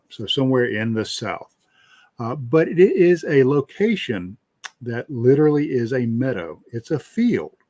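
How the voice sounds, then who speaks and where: A man's voice: medium pitch, a little mellow, dry recording. A man, a paranormal researcher, talking casually in an interview, rambling with many fillers.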